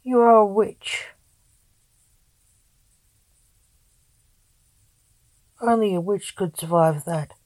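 A woman's voice: medium pitch, moderate pace, close to an everyday voice, rough recording. Woman reading as a stubborn, stern witch finder. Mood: insistent. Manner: flat, insistent pronouncements.

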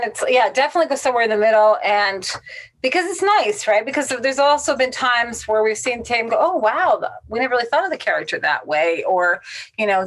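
A woman with a fairly high-pitched voice speaks as a casting director in a casual interview. She's blunt and straight-shooting, giving direct advice without softening it.

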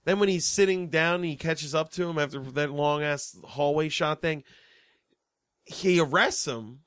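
A man chatting casually with a slightly high voice, recorded close and dry with no room sound. He talks bluntly and swears freely. He cuts in with short retorts and jokes. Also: a little slow, fairly bright tone, smooth, no room sound. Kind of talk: casual chat.

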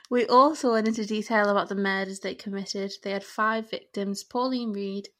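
A woman from northern England with a northern English accent, co-hosting a casual true crime podcast and recapping cases in a relaxed way. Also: mid-range voice, moderate pace. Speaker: podcast co-host.

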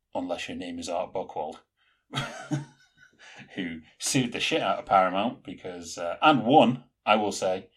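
Husky, low-voiced male podcast co-host. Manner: animated, chatty, rambling with fillers. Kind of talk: casual chat.

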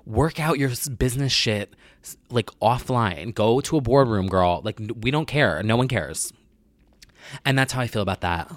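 A man's voice: mid-range voice, moderate pace, no room sound. A man ranting in a casual vlog about pop culture, sassy and exasperated, often swearing.

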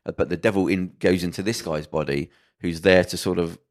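A man with a low voice rattles through a story at speed, casual and profane. He slips into the characters' lines as he goes, on a relaxed podcast chat. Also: a little fast. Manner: animated storyteller acting out characters' lines, swearing freely. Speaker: podcast co-host. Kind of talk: casual chat, retelling a drama plot.

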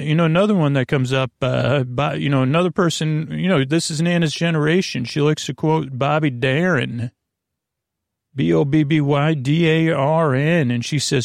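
Gravelly man rambling through a comic monologue. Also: mid-range voice, dry recording, studio quality. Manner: halting, full of fillers and restarts, sings quotes slowly. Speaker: comedy podcast host.

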